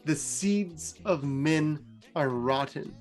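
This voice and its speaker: A man voicing a cold, disdainful female angel who speaks slowly and solemnly. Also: fairly high pitch, faint music behind.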